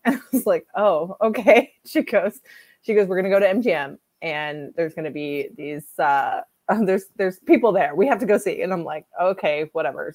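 A woman's voice: lowish voice, a little mellow, no room sound. A middle-aged woman telling a rambling story in casual chat, laughing often as she goes.

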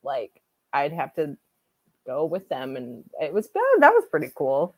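A woman's voice: sits low, huge pitch swings, measured pace, husky, dry recording. A middle-aged woman telling a rambling story in casual chat, laughing often as she goes.

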